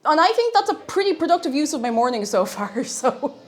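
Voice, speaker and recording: A woman streams live, chatting casually and playfully with her viewers, giggling often and humming to herself now and then. Her voice sits high with big pitch swings, fairly quick, over faint background music.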